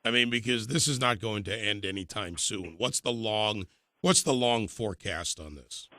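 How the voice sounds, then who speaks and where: A man's voice: lowish voice, normal speed, sharp tone, dry recording, studio quality. A man hosting a radio talk show, asking blunt, pressing questions. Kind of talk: radio interview.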